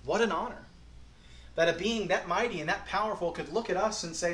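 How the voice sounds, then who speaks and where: A man preaching a morning sermon, earnest and folksy, who swings between quiet reflection and emphatic bursts. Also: high voice, brisk, reverberant, a little hiss or hum. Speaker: pastor.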